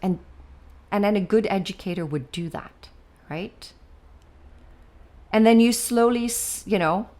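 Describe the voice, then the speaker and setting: On a casual podcast, a woman educator walks through her methods step by step, frequently checking in with "right?" and growing playful and animated as she acts out examples. Her voice is medium-pitched, with a measured pace and long pauses.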